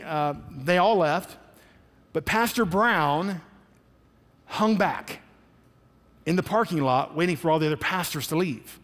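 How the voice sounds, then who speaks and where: A male pastor preaching a sermon, emphatic and animated, acting out the people in his stories. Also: sits high, in a large hall. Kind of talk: sermon with storytelling.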